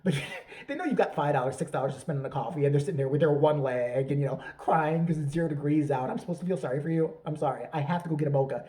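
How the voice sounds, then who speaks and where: A woman's voice: low-pitched, fast talker, mellow. A woman hosting a vlog, delivering a brash, profane comedic rant. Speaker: vlog host. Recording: voice picked up from a distance.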